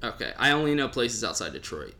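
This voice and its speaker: A man's voice: mid-range voice, big pitch swings, a little fast, bright, forceful tone, slight background noise. A man hosting a podcast, chatting casually in a joking, rambling way with the odd swear. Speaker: podcast host.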